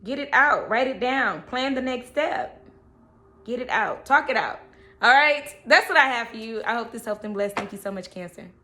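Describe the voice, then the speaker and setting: A woman's voice: on the high side, expressive, normal speed, sharp tone. A woman giving a casual, chatty tarot reading, often checking in with "okay" and "all right". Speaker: tarot reader.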